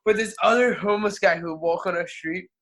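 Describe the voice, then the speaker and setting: A young man telling funny stories in casual podcast chat, slangy and profane, acting out the people he quotes in lively voices. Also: sits high, fast, crowd noise. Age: young adult. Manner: laid-back slangy talk, profane. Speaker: podcast co-host.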